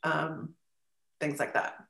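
A woman's voice: sits low, little pitch movement, takes it slowly, gravelly, bright, forceful tone. A woman in her forties, a guest sharing parenting advice in a casual, earnest, talkative way. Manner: earnest, talkative, many "you know" fillers. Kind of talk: casual conversation. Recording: echoey room.

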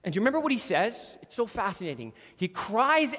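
High-voiced man preaching in a reverberant hall. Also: big pitch swings, fairly bright tone. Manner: earnest preaching, reads scripture slowly with emphasis. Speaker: pastor. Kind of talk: sermon. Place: church hall with a screen.

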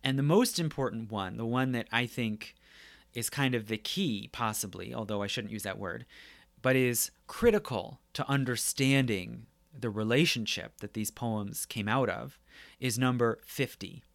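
A man's voice: medium pitch, unhurried, vocal fry, dry recording. A man lecturing on poetry in a conversational way, often checking in with his listeners. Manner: conversational, tags points with "right?". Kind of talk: academic lecture.

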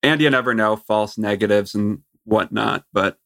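A man's voice: fairly low pitch, normal speed, fairly bright tone. A man chatting casually as a podcast guest, laid-back and a little hesitant. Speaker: guest, host's brother. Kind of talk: casual chat.

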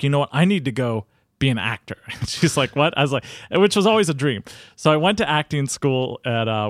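A man in his thirties tells his story as a podcast guest. His pitch sits in the middle, but it leaps up when he acts out what others said. The sound is dry and close. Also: no echo. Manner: animated, acts out quoted dialogue with jumps in pitch. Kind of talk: conversational storytelling.

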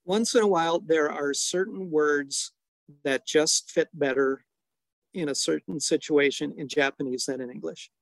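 A middle-aged man telling a family story in an unhurried, chuckling way, full of small details. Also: fairly high pitch, creaky, dry recording. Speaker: storytelling guest, father. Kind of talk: relaxed anecdotal storytelling.

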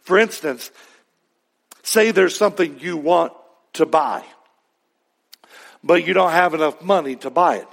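A man's voice: fairly high pitch, lively intonation, a little slow, vocal fry, long pauses, a bit bright. A middle-aged man preaching a sermon in a conversational way, asking rhetorical questions and correcting himself as he goes. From Texas. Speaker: pastor.

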